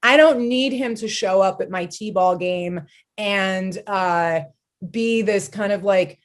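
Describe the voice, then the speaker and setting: A woman speaking as a podcast guest in a casual interview chat, animated and blunt, swearing freely. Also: mid-range voice, takes it slowly.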